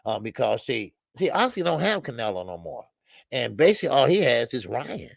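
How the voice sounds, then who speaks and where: A man's voice: medium pitch, big pitch swings, brisk, vocal fry, dry recording, studio quality. A man hosting a casual boxing livestream, chatting animatedly, laughing a lot and greeting his chat in profane slang. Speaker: boxing show host.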